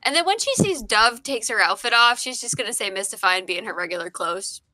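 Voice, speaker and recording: A woman's voice: a little high, big pitch swings, quick pace, bright, forceful tone, no room sound. A woman playing a tabletop game, talking casually with some hesitation. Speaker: player.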